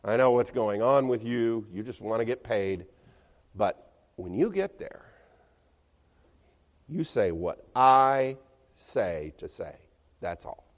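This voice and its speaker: A man voicing God giving a prophet firm, matter-of-fact instructions in a lowered voice. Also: animated, slow, pauses often. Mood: stern. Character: stern God speaking to a prophet, male. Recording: long church-hall reverb.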